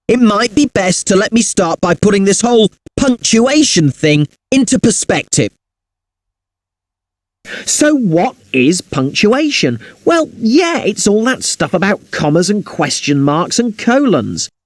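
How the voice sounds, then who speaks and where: A man playing a friendly punctuation tutor, presenting educational software in an upbeat, chatty way, talking straight to the user. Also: high-pitched, big pitch swings, a little slow, dry recording.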